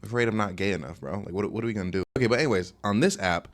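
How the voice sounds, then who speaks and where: Fast-talking, rambling young man. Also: lowish voice. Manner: fast, rambling, slangy and boastful. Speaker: streamer telling a dating story. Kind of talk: casual storytime rant. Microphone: webcam setup at home.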